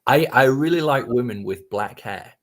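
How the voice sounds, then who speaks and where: A man's voice: mid-range voice, animated, moderate pace. Rambling man telling a story. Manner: rambling, many restarts and fillers, swears freely. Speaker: podcast guest. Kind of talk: casual storytelling chat.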